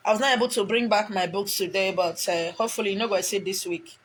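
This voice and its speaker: Speaking quickly in a mid-range voice with a breathy edge, a middle-aged Nigerian woman with a Nigerian accent rambles on her own live video. It's a casual motivational stream recorded on a phone, and she's emotional and a touch preachy.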